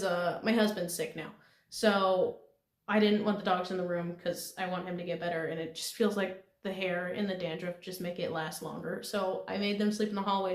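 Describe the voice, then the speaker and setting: A young woman from the United States telling a rambling, casual diary vlog, laughing often. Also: medium pitch. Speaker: vlogger. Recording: echoey room.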